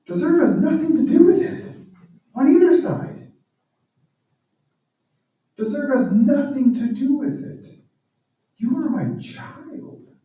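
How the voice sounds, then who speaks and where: Tender father figure, put on by a man, high and emphatic, far-off roomy sound. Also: expressive, slow, pauses often, exaggerated voice. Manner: gentle, emphatic. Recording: echoey hall, distant mic.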